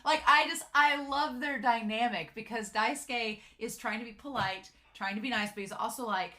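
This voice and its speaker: Bright, chatty woman recapping an episode. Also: fairly high pitch, moderate pace. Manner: chatty, giggly, lots of "like" and filler. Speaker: anime reviewer. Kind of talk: casual episode recap and reaction.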